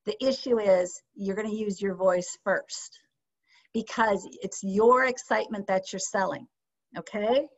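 A woman teaching a sales training session, lively and often checking in with her audience with questions. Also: mid-range voice, a little slow. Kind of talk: training session on a video call. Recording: slightly dull lo-fi sound.

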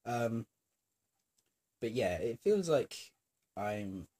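A man with a sore throat and a nagging cough, rambling in a scattered, self-deprecating way to his camera and clearing his throat often. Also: medium pitch, very animated, very slow, warm tone. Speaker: vlogger. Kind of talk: rambling casual monologue to camera.

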